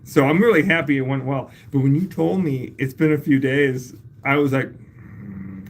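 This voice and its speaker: A woman's voice: rumbling low, moderate pace, slight background noise. A woman hosting a casual livestream, coaching a viewer through a home repair and then explaining it plainly. She chats loosely, laughs often and swears casually. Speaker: livestream host answering home repair questions.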